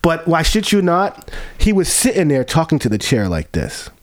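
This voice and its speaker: A man's voice: fairly high pitch, wildly swooping pitch, moderate pace. A man who works as a bartender tells a profane story in casual chat, laughing along as he goes.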